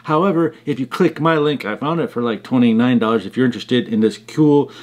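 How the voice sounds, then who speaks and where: A man's voice: medium pitch, brisk, a little mellow. A man chatting casually in a product review vlog, telling stories in a conversational way. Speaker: fragrance reviewer.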